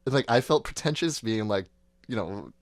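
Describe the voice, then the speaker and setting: A man's voice: on the low side, normal speed, no echo, studio quality. Rambling man in his thirties telling a story. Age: 30s. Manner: rambling, animated retelling with quoted voices. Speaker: podcast host. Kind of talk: casual storytelling.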